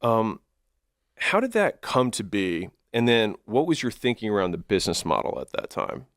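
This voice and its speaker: A low-voiced man with a gravelly edge hosts a casual interview. He asks short, probing questions. His voice sounds dry and close, with no room echo. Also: big pitch swings, moderate pace, fairly bright tone. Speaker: host, interviewer.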